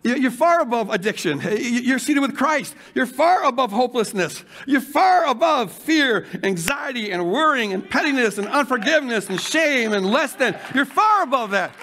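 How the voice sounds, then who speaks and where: An older man preaching a sermon, moving from fervent shouting to hushed guided imagining. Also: very high-pitched, lively intonation, normal speed, few pauses. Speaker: pastor.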